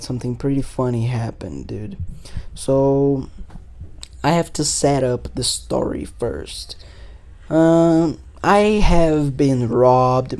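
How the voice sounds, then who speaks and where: A man's voice: mid-range voice, gravelly, warm tone. A young man, a podcast host telling a story in loose, casual talk full of swearing and fillers. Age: 20s.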